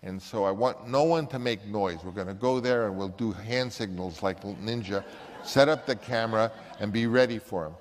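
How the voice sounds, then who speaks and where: An older man with a lowish voice tells a story in an animated way, now and then slipping into other people's voices. A long reverb trails after his words. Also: normal speed. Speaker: filmmaker recounting a story. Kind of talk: anecdotal storytelling.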